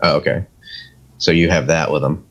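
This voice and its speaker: Very deep-voiced man joking on a podcast. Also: moderate pace. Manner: rambling, jokey, with sudden bursts of excitement. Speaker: podcast co-host. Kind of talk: casual chat. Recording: dull lo-fi sound.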